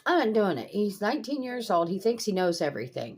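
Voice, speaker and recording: A woman's voice: mid-range voice, lively intonation, quick pace, gravelly, a little mellow. An older woman vlogging casually from her home kitchen, blunt and swearing freely as she rants in exasperation. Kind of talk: casual vlog chat. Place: home kitchen by pool windows.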